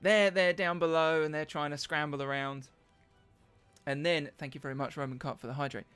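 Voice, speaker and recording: A man narrating as dungeon master in an animated, laughing way, often searching for words. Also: on the high side, fairly quick, clean tone, soft background music. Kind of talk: narrating a tabletop game.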